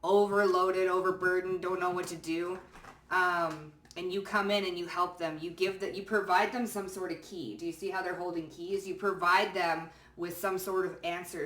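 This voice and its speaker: A woman's voice: lowish voice, fairly bright tone, reverberant, far from the mic, a little hiss or hum. A woman giving a casual pick-a-card tarot reading. She chats freely, swears casually and keeps checking in with "okay?" and "you know what I'm saying?".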